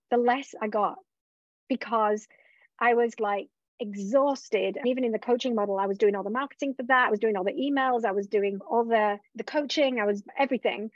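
A woman's voice: fairly high pitch, no echo. Candid, reflective woman coach, dull recording. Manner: reflective, open, quotes her own thoughts. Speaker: business coach. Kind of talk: candid conversational interview.

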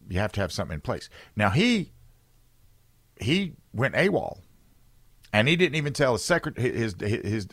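A man hosting a political talk radio show, talking emphatically with loud bursts, low asides and many restarts. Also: dry recording, clean studio sound.

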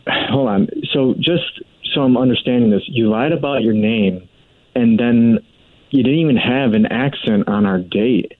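A man's voice: medium pitch, unhurried, dry recording. A man calls in and sounds baffled and exasperated, pressing with question after question. His voice is thin and tinny over a phone line, with a dry sound. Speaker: caller. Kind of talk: phone-in radio chat.

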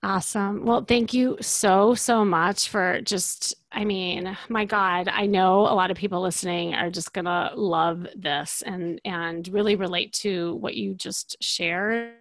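A woman's voice: mid-range voice, steady tone, a little slow, few pauses, dry recording. A young woman coaches a client through a podcast session, upbeat and encouraging. She keeps the talk loose with plenty of fillers. Her voice sits dry and close.

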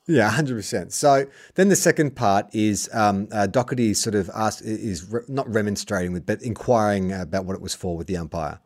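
A man co-hosting a casual sports chat, jokey and animated, laughing often. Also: fairly low pitch, normal speed, few pauses. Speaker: podcast co-host.

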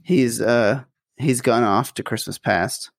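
A man's voice: medium pitch, slow pace, gravelly, no echo, studio quality. Easygoing podcast guy with dad jokes. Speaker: podcast co-host. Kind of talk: casual sports chat.

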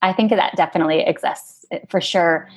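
A woman's voice: lowish voice, brisk. A woman guest in an interview, talking in a reflective, casual way with many fillers.

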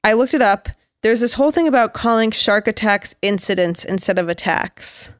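A young woman co-hosting a chatty podcast, her voice smooth and resonant. She talks in a playful, jokey way, with a dry close sound and no room around her. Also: medium pitch, dry recording. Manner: playful, jokey, quick to act out silly voices. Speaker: podcast co-host. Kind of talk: casual chat.

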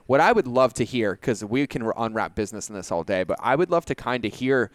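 A man hosting a podcast interview, chatty and animated, often tagging his sentences with "right?". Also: mid-range voice, fast, no room sound. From Boston, USA. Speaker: podcast host. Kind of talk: casual interview chat.

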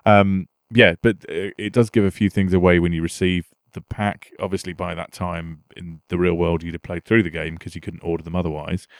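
A man's voice: low voice, level tone, fairly quick, few pauses, no echo, studio quality. A man co-hosting a casual gaming podcast, enthusiastic and loose, with many fillers. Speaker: podcast co-host.

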